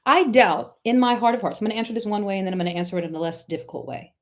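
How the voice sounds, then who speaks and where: A woman's voice: medium pitch, racing. Impassioned woman coaching artists live. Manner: emphatic, impassioned, direct; warmly encouraging to the questioner. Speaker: art coach and live-stream host.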